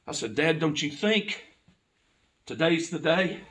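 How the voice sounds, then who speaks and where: Fervent preacher, bright voice. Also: male voice, a little high, expressive, a little slow, recorded from a distance. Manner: impassioned storytelling, building to fervent cries. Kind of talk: sermon testimony.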